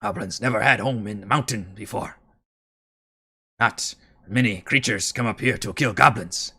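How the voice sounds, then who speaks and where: A man voicing a proud male goblin who speaks in halting, broken grammar and boasts about his tribe. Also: on the low side, bright, forceful tone, husky, exaggerated voice. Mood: boastful.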